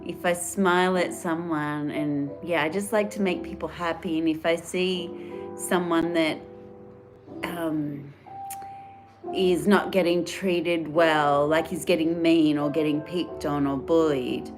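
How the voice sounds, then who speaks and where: A woman's voice: low voice, steady tone, takes it slowly, music in the background. A woman chatting casually and earnestly on a live stream, rambling and reading out viewer comments. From Australia. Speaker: livestream host.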